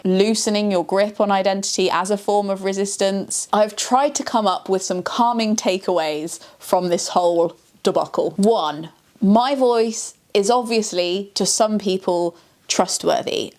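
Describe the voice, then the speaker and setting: A woman thinking aloud in a reflective vlog monologue, musing and restarting her sentences as she goes. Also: medium pitch. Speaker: video creator.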